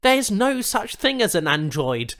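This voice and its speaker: Baffled, irritable human trader, voiced by the narrator, agitated and animated. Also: male voice, high voice, measured pace, voice pushed up, exaggerated voice. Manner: agitated questioning.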